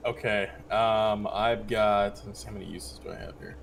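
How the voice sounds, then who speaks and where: A man playing a tabletop game, speaking hesitantly with many pauses and fillers. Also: fairly low pitch, fairly even intonation, gravelly, slight background noise. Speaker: player. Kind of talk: casual tabletop game chat.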